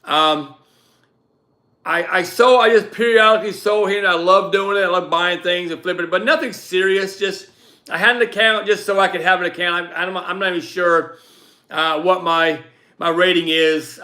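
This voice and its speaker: Bright and forceful, his voice pitched high for a man, a reseller hosting a live stream talks briskly and loudly with viewers. The mood is relaxed and easygoing, and he responds to questions as they come up with animated energy.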